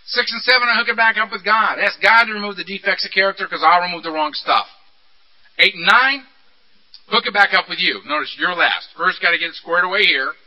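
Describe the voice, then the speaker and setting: A man speaking at a recovery meeting, candid and animated, asking rhetorical questions as he tells his story. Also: high voice, brisk. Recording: dull lo-fi recording.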